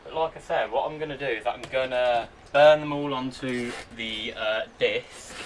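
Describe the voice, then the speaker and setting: Brief: male vlogger, unhurried, bright and forceful voice, excitable running commentary, a bit far from the mic. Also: mid-range voice. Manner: chatty, talks to himself, excitable outbursts. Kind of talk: casual running commentary while using a computer. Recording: voice a bit far from the mic, faint background noise.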